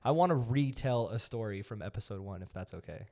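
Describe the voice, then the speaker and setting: A young man hosting a podcast, chatting casually and telling a story with animated energy. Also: fairly low pitch, a little fast. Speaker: podcast host.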